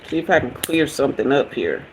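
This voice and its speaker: A woman's voice: rumbling low, very animated, fairly quick, slight background noise, low-quality recording. Chatty woman doing live tarot. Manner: hyper, laughing often, chatty, talks to viewers. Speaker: tarot reader. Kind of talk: live-stream tarot reading.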